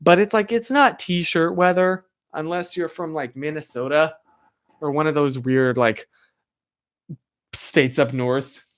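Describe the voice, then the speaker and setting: Speaking slowly in a fairly high voice, a man streams from a chilly room on a streaming mic. He rambles casually, leaning heavily on "like," and replies directly to his viewers' chat.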